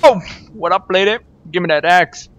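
A man's voice: high voice, normal speed. Jumpy young man voicing gameplay commentary. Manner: excitable, jumpy, swears when startled. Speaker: gaming YouTuber. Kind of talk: first-play horror game commentary.

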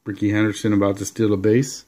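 A man casually showing off his collection of sports cards, rambling along with relaxed, enthusiastic asides. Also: on the low side, fast. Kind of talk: casual card-showing vlog.

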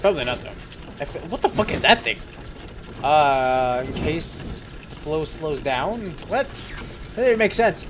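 A man's voice: on the high side, lively intonation, measured pace, background noise. A young man talking to himself while playing a game, rambling, giggling and swearing. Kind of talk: let's play commentary.

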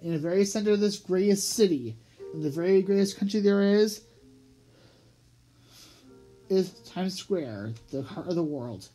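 A storybook reader voicing Harry, a calm, worldly young city cat who talks low, purring and drawn out. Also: unhurried, pauses often, soft background music, close to an everyday voice, low-quality recording. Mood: coaxing.

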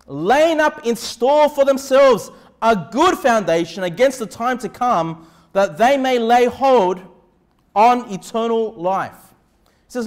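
A man's voice: very high voice, slow. A male pastor preaching a sermon in church, emphatic, with repeated phrases and rhetorical questions. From Australia.

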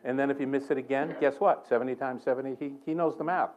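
A man's voice: mid-range voice, fairly even intonation, quick pace, noisy background. A man preaching a sermon in a church, telling a story with lots of chuckles and self-mocking humor. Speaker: guest preacher. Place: church sanctuary.

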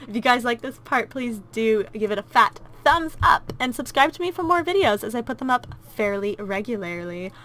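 A woman's voice: a little high, animated, normal speed, hardly any pauses, sharp tone. A woman hosting a let's play, chatting casually and gushing as she comments on her gameplay. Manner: gushing and cooing, easily delighted.

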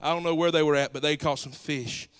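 A pastor with a Southern US accent from South Georgia delivers a folksy, storytelling sermon. His voice sits high for a man, bright, forceful, brisk and smooth, with fairly even intonation, rising at times into shouted preaching.

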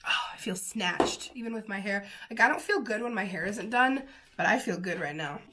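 A woman with a sniffly nose talks through her makeup routine in a chatty, gushing way, full of fillers and little exclamations. Her voice sits at a middle pitch for a woman. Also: lively intonation, normal speed, very noisy. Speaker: beauty vlogger. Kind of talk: casual makeup tutorial chat.

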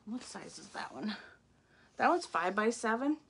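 A woman's voice: mid-range voice, big pitch swings, normal speed, creaky, fairly bright tone, a little hiss or hum. A middle-aged woman casually walking viewers through craft products, gushing and exclaiming as she goes. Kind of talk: casual live product walkthrough.

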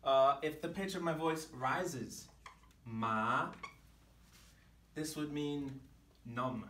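A man, teaching a language lesson to camera in a clear, patient way, sometimes sounding out syllables at different pitches. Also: slow pace. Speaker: Chinese teacher. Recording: echoey room, mic some distance off.

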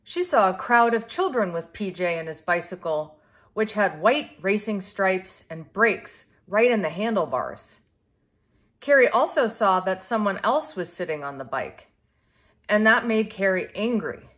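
A woman's voice: mid-range voice, unhurried. Woman reading a picture book aloud. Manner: clear, expressive storytelling. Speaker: storybook reader.

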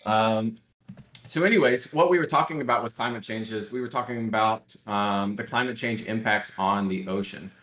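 A man's voice: on the low side, normal speed, fairly bright tone, roomy sound, muffled recording. A man from Alabama, a guest educator, chatting casually on a podcast in a rambling, joking way with lots of fillers and restarts.

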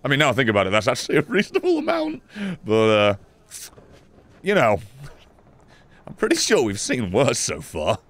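A man giving excitable, profane, laugh-filled commentary while playing a video game. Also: mid-range voice, moderate pace, long pauses. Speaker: gaming YouTuber. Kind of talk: let's play commentary.

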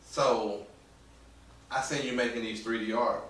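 A man's voice: medium pitch, steady tone, measured pace, fairly bright tone, far from the mic. A man hosting a podcast, laid-back and slangy, asking long, rambling questions. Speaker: podcast host. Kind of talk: casual interview. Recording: echoey room, voice from off-mic, faint noise.

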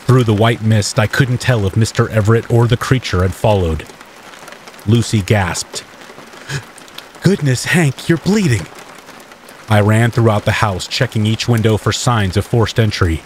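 A man narrating a first-person horror tale with steady, measured delivery. His voice sits low, and a faint patter of rain plays softly underneath. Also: slight background noise. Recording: faint rain ambience mixed behind the voice.

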